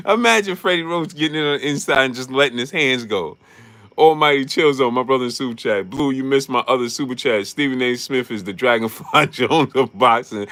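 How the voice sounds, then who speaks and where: A man's voice: medium pitch, brisk, bright, forceful tone. A man hosting a casual boxing livestream, greeting chat viewers and laughing often. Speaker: boxing talk show host.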